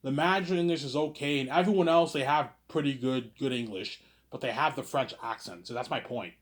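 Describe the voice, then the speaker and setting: Brisk and mid-pitched, a Quebecois man reads viewer questions during a relaxed livestream monologue. His delivery is repetitive and full of stammering restarts, with "obviously" cropping up again and again.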